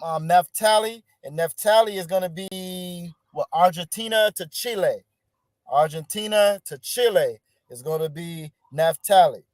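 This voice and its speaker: A man's voice: high-pitched, a little mellow, no echo, clean studio sound. A man teaching an online class over a video call, encouraging his students and often repeating words.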